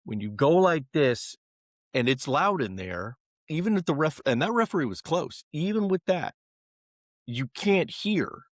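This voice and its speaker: A man's voice: on the high side, normal speed, no echo, studio quality. A man co-hosting a casual soccer podcast, teasing his partner and acting out little quoted lines as he makes his points. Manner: teasing, animated, acts out quotes. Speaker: podcast co-host.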